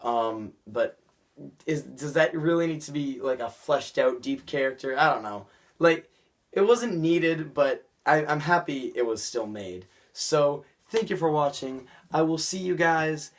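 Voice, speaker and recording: A man's voice: a little high, animated, measured pace. Rambling young guy reviewing episodes. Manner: rambling, chatty, many fillers and restarts. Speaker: vlogger reviewing cartoon episodes. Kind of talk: casual episode review vlog.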